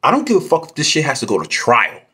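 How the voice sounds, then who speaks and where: A truck driver telling a story in a casual vlog, ranting with heated, profane language. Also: male voice, medium pitch, wildly swooping pitch, fast talker, pushed and bright, breathy edge.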